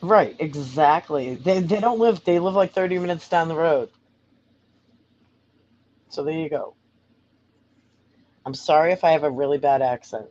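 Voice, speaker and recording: A man with a Massachusetts accent and a fairly high voice chats away, laughing easily as he talks. The sound is dull and lo-fi. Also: a little mellow. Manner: chatty, quick to laugh. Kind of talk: casual banter.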